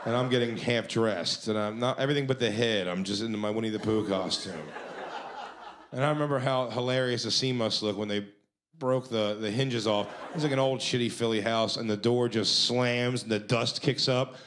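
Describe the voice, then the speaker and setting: A man's voice: mid-range voice, fairly even intonation, normal speed, fairly bright tone, slight background noise. A man telling a profane, laugh-filled comedy story on a club stage into a handheld mic. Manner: profane, laughs through his lines. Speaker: stand-up comedian. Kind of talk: stand-up storytelling.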